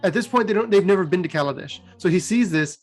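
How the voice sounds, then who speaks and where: A man with a high voice retells fantasy card-game lore in a casual, animated storytelling manner. Soft music plays faintly behind him. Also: quick pace. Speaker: host.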